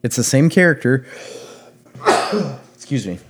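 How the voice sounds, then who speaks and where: A man's voice: medium pitch, lively intonation, measured pace, noisy background. A man co-hosting a casual podcast chat about comic book movies, joking and teasing his co-host.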